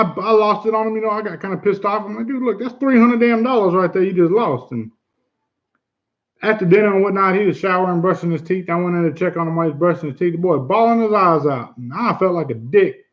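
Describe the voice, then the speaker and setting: A man's voice: sits high, highs cut off. A man hosting a casual livestream chat, earnest and blunt, who swears easily and repeats himself for emphasis. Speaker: livestream host.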